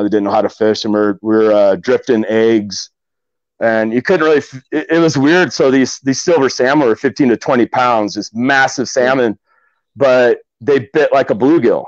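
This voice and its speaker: A man's voice: lowish voice, darkish tone, no room sound, dull audio. A middle-aged man from Omaha, a kayak angler, tells stories casually in a podcast interview, rambling with many fillers and restarts.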